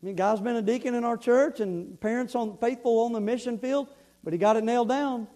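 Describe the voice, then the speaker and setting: Preacher guy, high voice, earnest sermon, tells stories, stumbles and repeats words. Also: steady tone, very fast, mellow, rough recording. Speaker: pastor.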